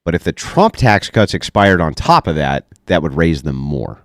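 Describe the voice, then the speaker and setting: A man with a very low, deep radio voice that still swings widely in pitch as he hosts a live online debate. He is calm and probing. The sound is close and dry. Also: moderate pace, dry recording. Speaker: debate host.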